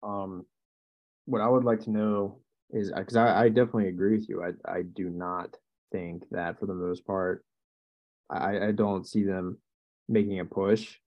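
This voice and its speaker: A man's voice: low-pitched, level tone, moderate pace. A man hosting a casual discussion, easygoing and agreeable, asking his guest questions. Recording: dull lo-fi sound.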